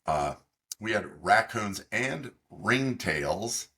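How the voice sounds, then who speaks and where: A middle-aged man co-hosting a podcast, telling a long, halting story in casual chat with many fillers. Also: on the low side, lively intonation, bright, forceful tone, husky. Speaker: podcast co-host.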